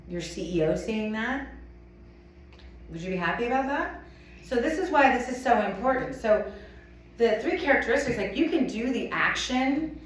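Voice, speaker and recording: A woman giving a chatty, animated sales training talk to a live audience, acting out little scenes as she goes. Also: medium pitch, slight background noise. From United States. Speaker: motivational speaker at a sales event. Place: conference room with a live audience. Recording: echoey room, from a distance.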